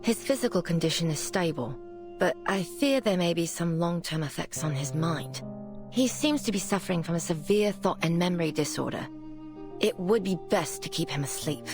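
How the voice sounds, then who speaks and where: Calm, measured doctor. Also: female voice, fairly low pitch, over music. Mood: grave. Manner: measured, reassuring. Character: calm, cautious female doctor. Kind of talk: video game voice acting.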